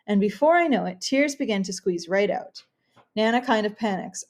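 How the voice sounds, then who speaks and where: Expressive woman reading a novel aloud. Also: mid-range voice, normal speed. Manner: expressive, occasional restarts. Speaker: audiobook reader. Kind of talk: first-person novel narration.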